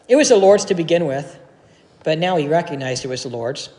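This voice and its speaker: Male pastor giving a sermon, high voice, big reverby hall. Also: expressive, a little mellow. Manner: earnest, quotes authors, dramatic pauses.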